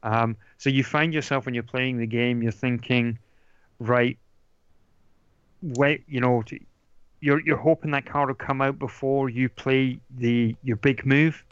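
A male podcast guest chats casually about board games, rambling with lots of ums and restarts. His mid-range voice is steady and clean at a normal speed. The recording is dull, lo-fi, and dry.

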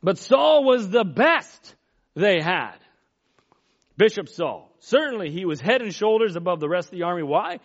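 A man's voice: high voice, sing-song, moderate pace. A man preaching a sermon in a folksy, emphatic way, acting out Bible quotes as he goes. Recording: dull lo-fi recording.

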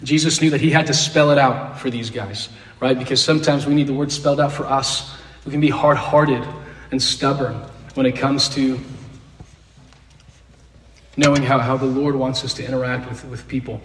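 A man's voice: mid-range voice, fairly even intonation, moderate pace, fairly bright tone. Man teaching a Bible class in an echoey room. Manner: asks the class questions, repeats key phrases. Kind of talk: interactive Bible lesson. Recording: roomy echo, distant mic.

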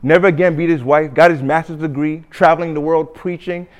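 A man preaching a sermon, telling a story with acted-out quotes and swings between loud and hushed delivery. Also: fairly high pitch, steady tone, a little fast. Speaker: pastor.

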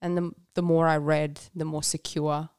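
A woman's voice: low-pitched, level tone, moderate pace, a little mellow, clean tone, dry recording, studio quality. A woman speaking candidly and reflectively in a casual conversation about her faith, often laughing and using fillers. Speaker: guest.

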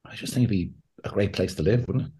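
A man's voice: fairly low pitch, fast, mellow. A man with an Irish accent, a pastor and counselor speaking as a podcast guest in a laid-back, sincere way, acting out the voices of the people he quotes. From Ireland. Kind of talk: conversational interview.

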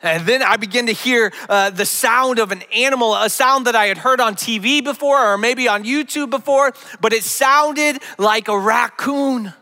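A man's voice: very high voice, moderate pace, hardly any pauses, pushed and bright. A pastor in his thirties, preaching a sermon and telling a personal story, often repeating words as he goes. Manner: storytelling, frequent word repeats.

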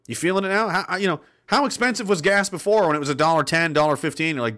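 A man's voice: on the high side, animated, fast talker, few pauses, fairly bright tone. A man giving an indignant, sardonic political rant on his vlog and swearing freely. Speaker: political commentator.

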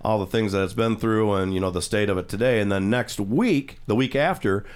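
Male radio host, low voice, casual studio chat, talkative and explanatory. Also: a little fast. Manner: chatty, explains things at length.

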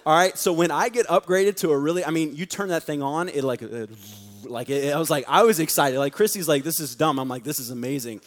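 A man preaching to a young church audience in a joking, energetic storytelling way. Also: fairly high pitch, brisk. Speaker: youth pastor. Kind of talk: sermon. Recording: long reverb of a large hall.

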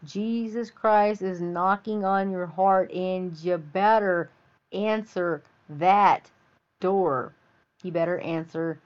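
A woman's voice: fairly low pitch, steady tone, slow pace. A woman from the Texas Panhandle, hosting an opinionated monologue with a folksy, preachy and emphatic delivery. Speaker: podcast host. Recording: dull lo-fi audio.

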